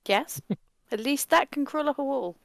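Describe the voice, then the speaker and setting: A woman's voice: sits high, moderate pace, gravelly, dry recording. A woman playing a tabletop game, chatty and laughing as she thinks aloud about her character. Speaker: player.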